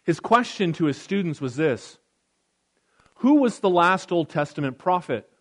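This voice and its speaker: Male pastor, slightly higher voice, conversational preacher who reads scripture and adds asides. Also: very animated, a little slow. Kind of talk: sermon.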